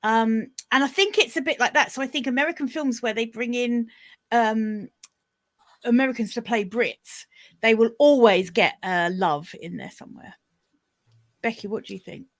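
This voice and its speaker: A woman, a guest on a casual chat podcast, telling stories in a lively, animated way. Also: on the high side, normal speed.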